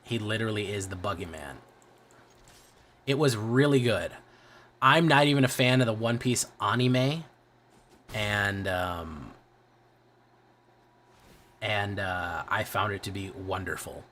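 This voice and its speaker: A man's voice: fairly low pitch, slow, pauses often, fairly bright tone, slight background noise. Rambling profane Midwest man streamer. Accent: American Midwest. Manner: profane, rambling, self-correcting. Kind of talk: casual livestream chat.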